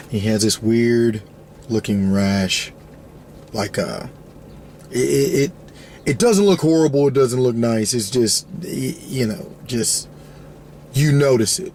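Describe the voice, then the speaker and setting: A man telling a story casually to camera, rambling and animated, swearing freely and acting out the other people's voices. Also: mid-range voice, slight background noise. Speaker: vlogger.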